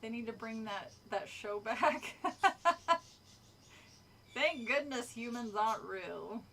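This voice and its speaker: A woman's voice: fairly high pitch, expressive, takes it slowly, a bit bright, a little hiss or hum. A woman streamer reading a book aloud and chatting casually with her viewers, laughing often and swearing freely. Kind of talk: casual read-along with chat.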